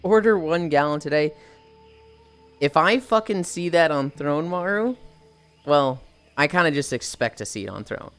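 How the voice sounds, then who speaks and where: Woman streamer, low voice with an animated, swooping delivery, profane and joking, chatting to viewers while she stretches at home with faint music underneath. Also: normal speed, pauses often. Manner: profane, joking, reads chat aloud. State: stretching, groaning with effort. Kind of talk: casual live-stream chat. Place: at home, indoors.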